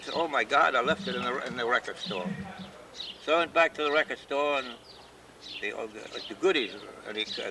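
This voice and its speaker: A man's voice: mid-range voice, background noise. An older man in a backyard, teasing his wife and rambling through an anecdote on a home video. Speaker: husband and storyteller. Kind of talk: casual home video chat. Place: backyard outdoors. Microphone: home video camera.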